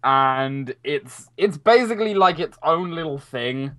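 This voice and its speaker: British dude gaming with a buddy, bouncy voice swinging all over, excitable. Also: male voice, fairly high pitch, a little slow, no echo, studio quality. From United Kingdom. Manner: playful, joking, excitable. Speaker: gamer. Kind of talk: casual gaming chat.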